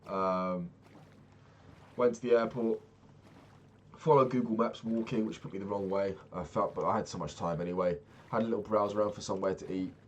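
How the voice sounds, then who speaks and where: A man's voice: on the low side, quick pace, highs cut off, a little hiss or hum. A young man casually telling a rambling, profane travel story as a vlogger. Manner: profane, rambling, animated retelling.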